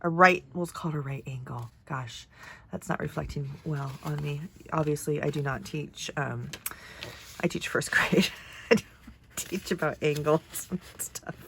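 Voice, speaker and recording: A woman in her forties with a low, gravelly voice that sounds nasal and stuffed up after a lingering cold. She chats casually while crafting, thinking aloud as she measures and folds paper. Loud background noise sits under her voice. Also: moderate pace. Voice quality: nasal from congestion. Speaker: first grade teacher.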